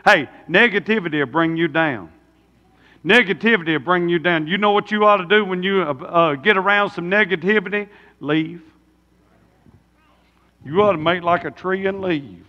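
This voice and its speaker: Male pastor, folksy sermon, bright high voice, long church reverb. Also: normal speed, lo-fi sound. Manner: folksy, rhetorical questions to the congregation. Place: church sanctuary.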